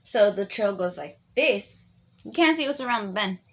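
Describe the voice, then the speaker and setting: A woman telling a long story in a casual eating vlog, animated, swearing freely and full of fillers. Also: medium pitch, normal speed.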